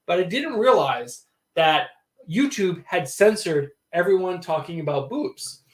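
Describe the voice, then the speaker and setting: A man's voice: fairly high pitch, normal speed, a bit bright, reverberant. A man co-hosting a livestream, chatting casually and laughing along, giving channel announcements. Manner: easygoing, laughs often, chatty asides. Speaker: livestream co-host.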